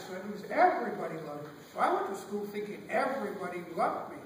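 A man's voice: sits high, quick pace, hardly any pauses. A man from California, a guest speaker telling stories to a class, acting out voices and mixing in Spanish phrases. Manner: animated, acts out voices, mixes in Spanish phrases. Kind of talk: storytelling to a class. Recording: echoey classroom from far off, noisy.

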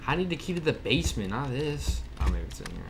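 A man's voice: mid-range voice, very animated, quick pace, vocal fry, noisy background. A man hosting his own gaming channel, giving casual let's-play commentary and joking back at the game's characters. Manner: jokey, talks back to game characters. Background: game music.

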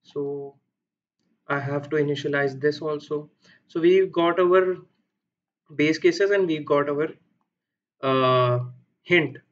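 A man with an Indian accent talks slowly through a coding solution, pausing on fillers and correcting himself as he goes. His voice sits a little high for a man. The recording sounds dull and lo-fi. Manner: thinking aloud with frequent fillers and self-corrections. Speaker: coding tutor. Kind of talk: screen-recorded coding walkthrough.

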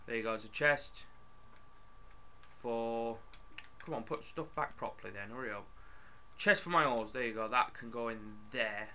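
A young man narrates his gameplay in a loose, chatty way, often bursting into excitement and talking to his viewers. His voice sits at a middle pitch. The recording sounds dull and lo-fi, like a cheap home mic. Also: moderate pace, long pauses. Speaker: gaming YouTuber. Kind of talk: casual game commentary.

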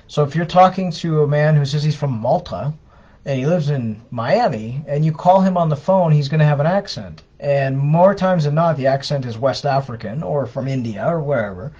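A man's voice: fairly high pitch, moderate pace, warm tone, breathy edge. A man co-hosting a live question-and-answer stream, giving advice in a casual, conversational way with frequent fillers and restarts. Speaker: co-host answering viewer questions. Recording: dull lo-fi livestream audio.

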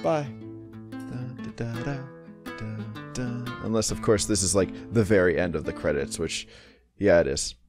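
Over a game's closing credits and its music, a man hosting a let's play chats casually and rambles. He's laid-back, mumbling asides in a fairly low voice at normal speed.

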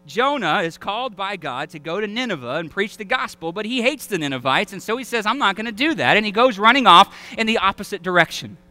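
A male preacher with a Southern accent delivers an animated sermon, often slipping into acted-out voices. His voice sits high and is strikingly bright and smooth. The sound is close and dry. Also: no room sound. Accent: Southern American. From Alabama. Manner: animated, acts out quoted voices and shouts. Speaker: pastor. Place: church sanctuary.

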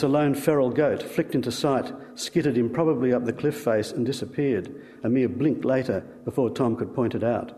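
A man with an Australian accent reading a short story aloud in a measured, dry manner. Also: mid-range voice, dark tone, long reverb tail. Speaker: reader.

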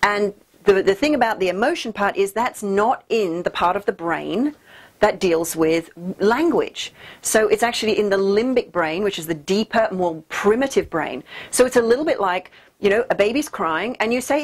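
Lively woman teaching to camera. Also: medium pitch, normal speed. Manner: lively, playful explaining with emphatic rhetorical questions. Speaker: host and teacher. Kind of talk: direct-to-camera teaching talk.

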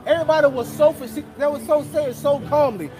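Fiery high-voiced male street preacher. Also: steady tone, very fast, over music. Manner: fiery, profane, tags lines with "man" and "bro". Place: outdoors on a street corner. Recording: street recording with crowd noise. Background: crowd and passing traffic.

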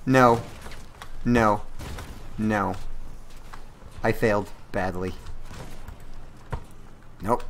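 A man giving casual gameplay commentary, excitable and exclaiming at the action. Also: mid-range voice, takes it slowly, pauses often, a little hiss or hum.

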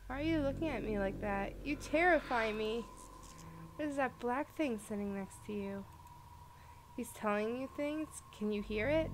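A woman hosting a let's-play video, reading the game's dialogue aloud and reacting gently. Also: on the high side, moderate pace, background noise. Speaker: gaming video host.

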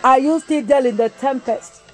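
A woman's voice: high-pitched, a little mellow, soft background music. A woman evangelist preaching a livestreamed sermon, drawing out and repeating her phrases with emphasis, dropping "eh" between lines and breaking into tongues. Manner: slow, drawn-out emphatic preaching with repetition and bursts of tongues; punctuates phrases with "eh".

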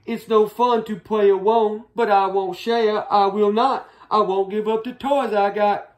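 A woman's voice: mid-range voice, fairly even intonation, measured pace, darkish tone, close to an everyday voice. A woman voicing a selfish young creature boy who hoards toys, in a storybook reading. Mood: sulky. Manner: stubborn, whiny and possessive.

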